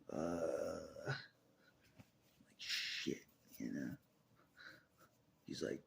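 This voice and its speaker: A man talking in an unscripted personal monologue, repeating phrases for emphasis, swearing often and swinging between loud declarations and muttered whispers. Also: low-pitched, animated, takes it slowly, gravelly, long pauses. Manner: swears often and laughs to himself. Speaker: vlogger.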